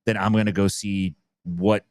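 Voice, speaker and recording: A man's voice: lowish voice, level tone, moderate pace, darkish tone, no echo. A man co-hosting a podcast in easygoing, chatty talk, laughing now and then. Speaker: podcast co-host. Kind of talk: casual chat.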